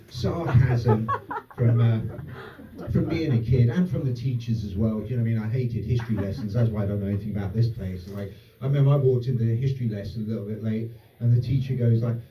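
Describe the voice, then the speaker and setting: Performing stand-up for a live audience, a man is sarcastic and sweary, drifting into rambling asides at a brisk pace. His mid-range voice comes through a roomy, distant, dull club recording with background noise.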